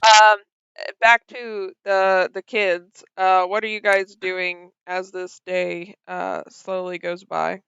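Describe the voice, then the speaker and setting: A dungeon master narrating a tabletop game, halting with many fillers. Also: medium pitch, level tone, bright, forceful tone, clear, resonant tone, dry recording, lo-fi sound.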